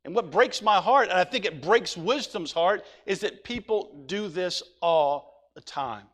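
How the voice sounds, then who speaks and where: A man's voice: high-pitched, animated, unhurried, a bit bright. A male pastor preaching a sermon, reading scripture aloud and then urging his listeners with rising intensity.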